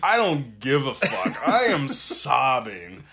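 A young man co-hosting a podcast, chatting casually, animated, swearing and laughing often. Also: mid-range voice, takes it slowly. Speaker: podcast co-host. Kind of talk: casual chat.

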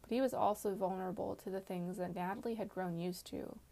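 A woman reading a fantasy novel aloud in a steady storytelling manner. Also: medium pitch, fairly quick, gravelly. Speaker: audiobook narrator. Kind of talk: scripted narration.

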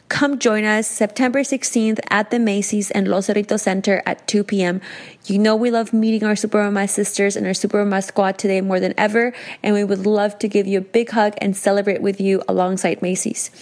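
A woman's voice: mid-range voice, little pitch movement, a little fast. Upbeat reassuring woman co-host. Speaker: podcast co-host. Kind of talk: casual chat. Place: recording booth.

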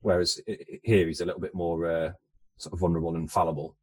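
Low-voiced man in halting film chat. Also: flat delivery, a little hiss or hum. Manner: halting, repeats words as he searches for them. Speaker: podcast co-host. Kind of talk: casual film discussion.

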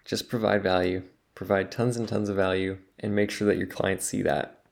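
A man co-hosting a business podcast, explaining deals in a relaxed, casual chat and recommending books. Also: low-pitched, moderate pace, gravelly. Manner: relaxed, wraps up and gives recommendations. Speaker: podcast co-host.

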